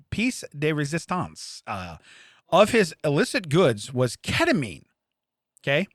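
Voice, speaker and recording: A man's voice: a little high, dry recording, clean studio sound. A man co-hosting a comedy podcast, telling stories in casual chat and laughing often. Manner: animated storytelling, laughs often. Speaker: podcast co-host.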